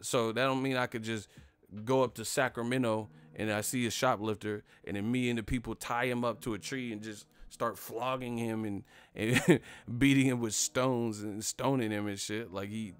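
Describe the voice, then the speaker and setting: A man hosting a casual live stream about boxing, ranting in a rambling, profane way and laughing at his own jokes. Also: lowish voice. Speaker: boxing commentary host.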